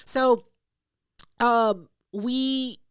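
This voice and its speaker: A young woman co-hosting a podcast, telling a story in casual chat, profane and animated, acting out what people said. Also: fairly high pitch, drawn-out words, clean tone, no echo, studio quality. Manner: animated, profane, acts out quotes. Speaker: podcast co-host.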